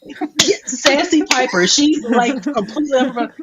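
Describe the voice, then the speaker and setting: A woman's voice: sits high, lively intonation, moderate pace, crowd noise, low-quality recording. A woman co-hosting a podcast in casual chat, laughing often and amused. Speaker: podcast co-host.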